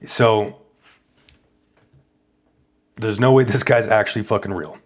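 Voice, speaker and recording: A man's voice: on the low side, lively intonation, normal speed, long pauses. A man hosting a stream, telling a rambling, boastful story in crude, casual chat. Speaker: streamer host.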